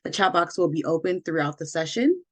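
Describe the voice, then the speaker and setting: A woman hosting an online workshop as community engagement manager, opening it and covering housekeeping with careful, slightly halting delivery. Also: on the low side, animated. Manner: careful, slightly halting reading with small self-corrections. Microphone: video call.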